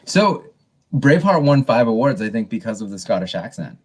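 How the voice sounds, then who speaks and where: Guy on a podcast rambling thru a movie review, lots of restarts, gets animated retelling scenes. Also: medium pitch, brisk, husky. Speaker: podcast co-host. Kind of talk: casual movie review chat.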